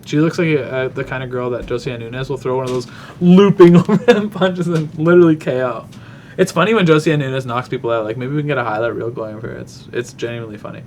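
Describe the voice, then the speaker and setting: A man's voice: mid-range voice, fast, few pauses, slight background noise. A man hosting a casual talk show, rambling through a fight breakdown while thinking aloud with many fillers. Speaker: podcast host.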